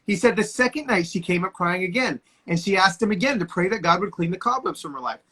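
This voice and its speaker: A man's voice: sits high, animated, fast talker, pushed and bright, husky. A man in his forties, a guest on a video call, telling stories with passionate, preacher-like energy. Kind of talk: casual conversation.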